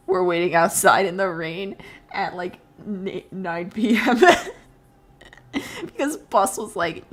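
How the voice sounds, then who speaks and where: A young adult woman streamer chatting casually while she draws, telling animated stories, laughing often and swearing freely. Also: lowish voice, slow pace, long pauses. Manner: animated storytelling with voiced quotes.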